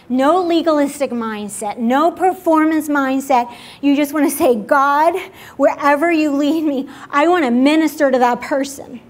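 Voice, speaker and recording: High-voiced woman leading church prayer. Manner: gentle, inviting, repeating "just". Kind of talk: sermon altar call and prayer. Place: church service.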